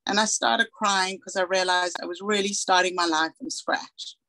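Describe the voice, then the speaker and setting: A woman in her forties from South Africa tells her own story to an audience, candid and earnest. She slips into the voices of the people she quotes. Her voice sits at a middle pitch and sounds dry and close, with no room echo. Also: steady tone, normal speed, pushed and bright. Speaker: guest speaker. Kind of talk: personal storytelling talk.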